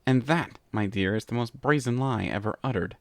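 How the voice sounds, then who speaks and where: A man reading a pony story aloud and voicing a scornful old male centaur villain who jeers loudly at his rival. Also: medium pitch, moderate pace, creaky, no echo, lightly acted. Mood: mocking. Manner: mocking, loud and scornful.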